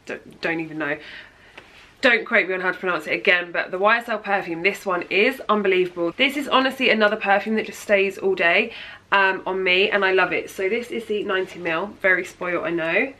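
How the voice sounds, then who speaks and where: A woman's voice: mid-range voice, a little fast, pushed and bright, low-quality recording. A thirty-year-old woman with a chatty, gushing manner, showing birthday gifts in a casual vlog. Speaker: beauty vlogger. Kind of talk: casual haul chat.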